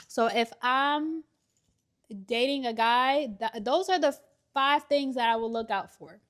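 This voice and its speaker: Young woman, slightly high voice, chatty and emphatic advice vlogger, indoors at home. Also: fairly bright tone. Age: young adult. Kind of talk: casual advice chat while doing a puzzle.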